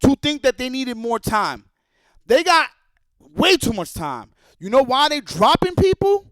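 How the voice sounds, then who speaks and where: A man with a very high voice rants at a streaming audience, angry and cursing as he hammers the same points again and again. The sound is dry and close, with no room around it. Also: sing-song, a little slow, a bit bright, no echo. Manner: angry, profane, repetitive. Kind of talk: heated rant.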